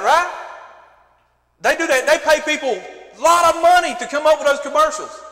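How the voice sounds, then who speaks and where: A man preaches with fervor, firing off repeated questions at his congregation. His voice sits very high and rings bright and sharp. The sound carries the long reverb of a church hall. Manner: fervent preaching with rhetorical questions. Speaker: pastor. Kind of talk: sermon. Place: church sanctuary.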